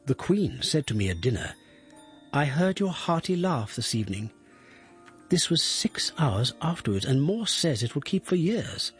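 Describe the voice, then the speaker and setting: A formal Victorian royal secretary. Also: male voice, a little high, big pitch swings, normal speed, soft background music. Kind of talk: reading a letter aloud.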